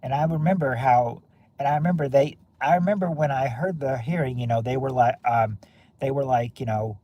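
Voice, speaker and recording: A man of middling pitch hosting a relaxed game-night stream. He talks loosely to his viewers, trailing off and circling back mid-sentence. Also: fairly quick. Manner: rambling, many restarts and fillers. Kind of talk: casual chat with viewers.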